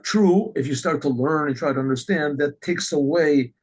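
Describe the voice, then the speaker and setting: A man, a rabbi, telling a religious story in an animated way, often clearing his throat. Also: a little high, normal speed, rough recording.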